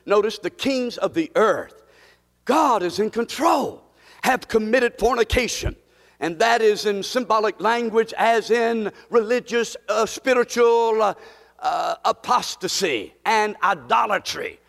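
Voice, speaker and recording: High-voiced preacher in a church hall. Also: male voice, lively intonation, measured pace, vocal fry, a bit bright. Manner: call-and-response preaching, rising to emphatic repetition. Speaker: pastor. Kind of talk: sermon.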